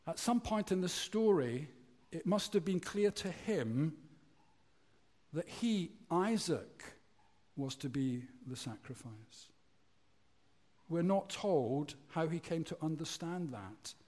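A man preaching a sermon, telling a story with acted-out voices and letting his phrase ends drop low and quiet. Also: expressive, slow pace. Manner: tells a joke story acting out voices.

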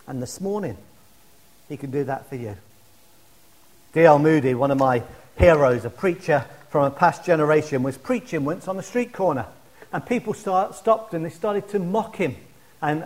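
A man preaching a sermon, swinging between loud declarations and hushed appeals and slowing down to stress key words. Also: fairly high pitch.

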